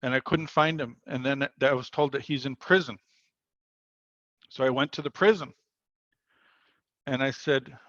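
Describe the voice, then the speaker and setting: A man's voice: mid-range voice, unhurried, long pauses, fairly bright tone, dry recording, muffled recording. A man leading a spiritual workshop over a video call, telling a story earnestly and quoting the people in it. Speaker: workshop leader.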